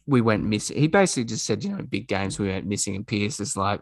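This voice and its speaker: Gravelly casual man. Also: lowish voice, sing-song, quick pace, few pauses, no room sound. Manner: rambling, mimics others' voices in retellings. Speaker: podcast co-host. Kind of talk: casual sports chat.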